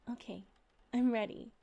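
A young adult woman voicing a loving female plush toy come to life in an intimate audio role-play, breathy and affectionate. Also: a little high, dull audio, exaggerated voice. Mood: tender.

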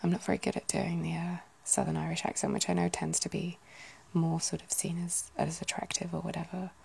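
A British woman speaks in a soft whispered ASMR chat, wandering from thought to thought as she muses aloud. Her low, breathy voice carries a gravelly crackle of fry. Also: flat delivery, a little fast. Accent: British English. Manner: soft, rambling, musing aloud.

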